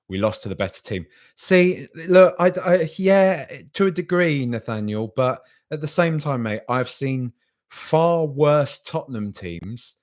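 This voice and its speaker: A man hosting a casual podcast stream. He reads out viewer comments and rambles with hesitations, then argues back in an exasperated way. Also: medium pitch. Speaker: podcast host.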